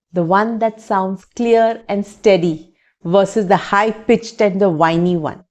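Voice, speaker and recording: A woman teacher giving calm, scripted parenting advice in a measured, explanatory way. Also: medium pitch.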